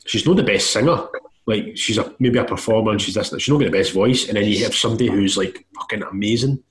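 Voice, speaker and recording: A man's voice: lowish voice, fast, low-quality recording. A Scottish man co-hosting a podcast, chatting casually and swearing now and then. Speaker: podcast co-host. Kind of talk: casual chat.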